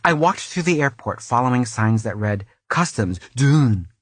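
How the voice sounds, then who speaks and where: A man playing a vain, self-absorbed woman author who reads her florid travelogue aloud in a deadpan comic style, fussing over and restarting her lines in a recording booth. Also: mid-range voice, a little slow, slightly rough, no room sound. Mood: dreamy. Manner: fussy, florid, keeps restarting and correcting lines. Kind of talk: deadpan comic audiobook reading.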